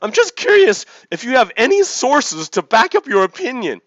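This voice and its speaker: A fussy, insistent cartoon sea lion with a pitched-up, sing-song voice, as a man puts it on. It pesters with relentless mock-civility. The sound is dull and dry, like a lo-fi home mic. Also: wildly swooping pitch, moderate pace, fairly bright tone, no room sound, full character voice. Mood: mock-polite. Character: overly polite pestering male sea lion.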